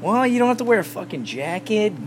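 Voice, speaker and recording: A man co-hosting a podcast, telling stories in casual banter, animated and swearing, often laughing. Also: sits high, a little fast, slight background noise.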